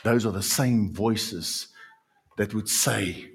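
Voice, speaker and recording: A male pastor preaching a sermon. His voice is slightly husky and he takes his time, lingering on words and repeating them for emphasis as he moves between hushed and forceful passages. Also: lowish voice. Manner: emphatic, drawn-out repetitions, swings from quiet to loud.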